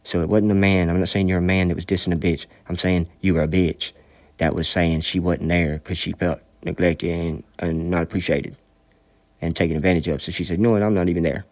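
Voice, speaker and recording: A man's voice: low voice, level tone, a little fast. A man delivering a rambling, preachy spoken monologue, full of profanity.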